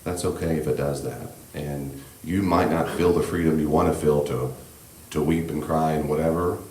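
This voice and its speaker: Male church class teacher, extremely low voice, gentle and reassuring, conversational, echoey room. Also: steady tone, moderate pace. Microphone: handheld microphone. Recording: echoey room with faint background hiss.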